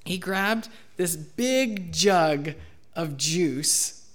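A man in his thirties, a pastor preaching a sermon and telling a candid personal story, with bursts of loud acted shouting. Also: high voice, lively intonation, drawn-out words. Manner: candid storytelling, acts out his own outbursts loudly.

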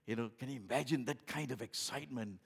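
A man delivers a sermon with a mid-range voice. He builds to loud, emphatic bursts, then drops to quiet, low asides. He repeats phrases and restarts lines as he explains. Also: quick pace, creaky, breathy edge. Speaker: pastor.

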